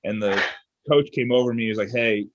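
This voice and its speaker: A man's voice: medium pitch, fast, muffled recording, slight background noise. A young man in his twenties, a fitness coach, telling a story in casual chat and acting out what people said. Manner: animated storyteller acting out quotes.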